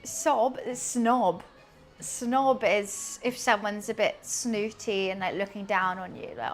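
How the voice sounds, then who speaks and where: A woman's voice: mid-range voice, steady tone, slow, faint music behind. A young woman, chatting casually and giggling as she answers her live-stream chat while cooking in her home kitchen.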